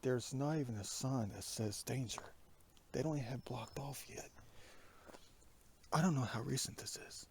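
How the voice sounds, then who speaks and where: A man's voice: medium pitch, moderate pace, long pauses, a little mellow, slight background noise. A man vlogging outdoors on a wooded mountain road, talking to a handheld camera and often dropping into a whisper. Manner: rambling, often drops to a whisper. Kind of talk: outdoor hiking vlog.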